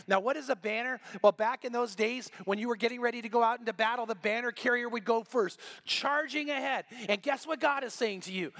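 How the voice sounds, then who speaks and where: Guy pastor giving a sermon, high-ish voice, acts out the quotes. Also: fairly quick, hardly any pauses. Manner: animated storytelling with voiced quotes.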